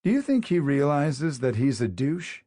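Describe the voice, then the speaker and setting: A man's voice: a little high, very animated, normal speed, mellow, dry recording, studio quality, voice pushed up. A man voicing a wisecracking, teasing male teacher in an audiobook, with a mocking, joking delivery. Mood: needling. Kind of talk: audiobook character voice.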